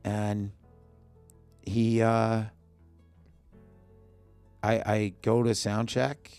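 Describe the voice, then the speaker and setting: A musician appearing as a podcast guest tells an emotional personal story in an interview, his very deep, gravelly voice sitting close to a studio mic. He speaks in short bursts, acting out the lines of people in the story, and his rough low tone is a little mellow.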